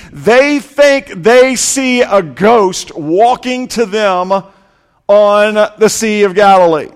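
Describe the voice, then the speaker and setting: A man preaching a sermon, building emphasis through repeated, rhythmic lists and then dropping to a quieter, intimate tone. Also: sits high. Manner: preaching with rising and falling intensity, repetitive emphatic lists. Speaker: pastor. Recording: long hall reverb.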